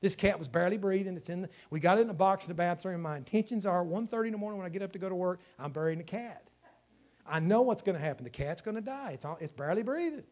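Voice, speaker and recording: A middle-aged pastor delivers a sermon in a fairly high voice for a man. He moves between loud, fervent exhortation and low, hushed storytelling. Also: quick pace. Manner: preaching with swings from shouting to hushed storytelling.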